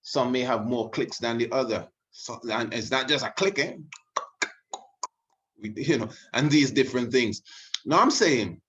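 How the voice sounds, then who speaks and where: A man's voice: medium pitch, unhurried, fairly bright tone, slight background noise. A man, teaching in a rambling casual monologue full of asides. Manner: rambling, many you-knows and restarts. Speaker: religious video host. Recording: muffled lo-fi audio.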